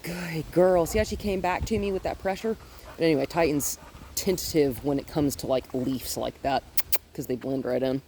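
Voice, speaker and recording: A woman dog trainer walking a dog outdoors, explaining her steps calmly and praising the dog in a high, happy voice. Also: moderate pace. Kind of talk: hands-on training demonstration. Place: outdoors in a yard with trees. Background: faint wind.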